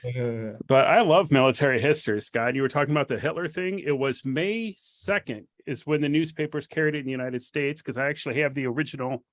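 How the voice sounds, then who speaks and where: A man's voice: mid-range voice, fairly quick. A man chatting on a podcast, telling stories eagerly and with enthusiasm. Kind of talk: casual chat.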